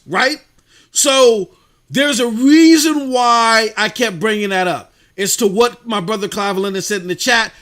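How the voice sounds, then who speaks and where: Male podcast co-host, high bright voice, emphatic casual delivery. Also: fairly quick. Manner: emphatic, talks to co-host by name. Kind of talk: casual livestream podcast talk.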